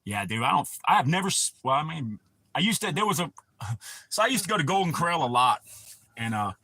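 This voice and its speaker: Man, crude rambling livestream chat, bright voice, dry close sound. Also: a little high, very animated, fast, breathy edge, no room sound. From United States. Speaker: livestream host.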